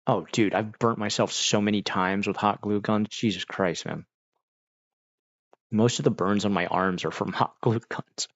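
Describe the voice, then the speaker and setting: Deep gravelly middle-aged man rambling. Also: steady tone, normal speed, dry recording. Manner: rambling, laid-back, heavy use of "like" and "dude". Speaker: streamer. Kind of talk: casual chat with live viewers. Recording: dull, dry lo-fi mic.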